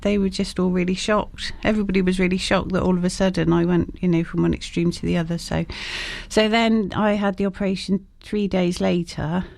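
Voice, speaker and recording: A woman's voice: lowish voice, steady tone, a little fast, gravelly, darkish tone. A woman guest talking frankly and casually in an interview, with lots of fillers and restarts. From England. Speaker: guest, shop owner.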